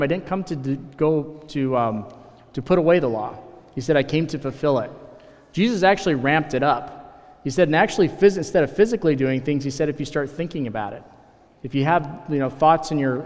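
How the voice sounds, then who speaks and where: A man preaching a sermon as pastor, earnest and animated, often rising in emphasis. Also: medium pitch. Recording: long reverb of a large hall.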